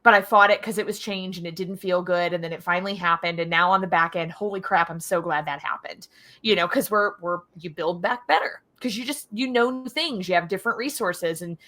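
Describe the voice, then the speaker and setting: Bright, lively woman telling stories. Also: fairly low pitch, brisk. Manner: animated, energetic storyteller. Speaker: guest, agency owner. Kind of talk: casual interview storytelling.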